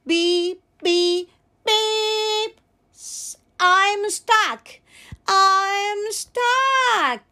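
A woman's voice: extremely high pitch, extremely slow, hardly any pauses, sharp tone, pitched above the performer's own voice, heavily acted. A woman voicing a friendly little male truck stuck in mud and calling for help, in a picture book read-aloud for preschoolers. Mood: pleading. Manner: pleading, urgent.

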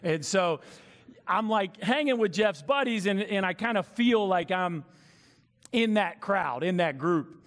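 A man's voice: sits high, animated, measured pace, fairly bright tone. A man in his forties giving a casual, storytelling sermon to a live audience, with plenty of fillers and asides to the crowd. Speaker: preacher. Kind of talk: conversational sermon. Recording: long reverb of a large hall.

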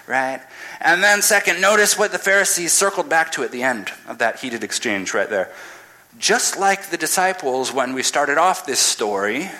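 A man's voice: medium pitch, sharp tone, rough recording. A man giving a casual, humorous sermon, retelling a scripture story dramatically.

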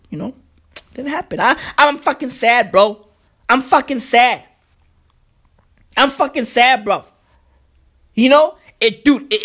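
A woman in a comedic rant, profane and repetitive, rambling in loud outbursts. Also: on the high side.

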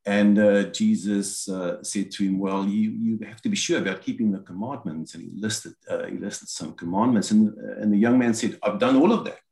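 A man's voice: lowish voice, steady tone, normal speed, gravelly, hardly any pauses, mellow. A man preaching a sermon, explaining scripture and voicing quoted lines as he goes. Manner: expository, quotes scripture in acted asides. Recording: roomy echo.

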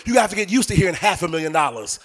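A man preaching a sermon in a sing-song cadence that rises into shouting. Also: sits high, very animated, rapid-fire.

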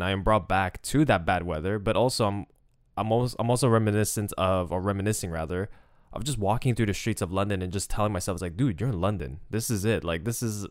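A young man talks through a casual solo podcast in a rambling, chatty way, often restarting his sentences. His voice sits a little low and sounds smooth and clear. The recording is dry and close, with no room sound. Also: no echo. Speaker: podcast host.

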